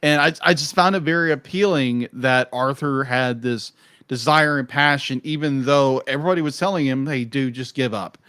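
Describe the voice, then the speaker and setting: A man's voice: a little high, moderate pace, sharp tone, clear, resonant tone, no room sound, studio quality. A man co-hosting a live stream, chatting casually and agreeably about a film, now and then slipping into goofy voices. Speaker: podcast co-host. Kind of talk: casual film review chat.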